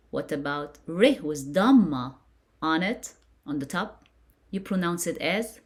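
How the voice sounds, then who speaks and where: Slow, patient low-voiced woman teacher. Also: expressive. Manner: patient and encouraging, praising each answer. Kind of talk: slow beginner lesson with call-and-repeat drills.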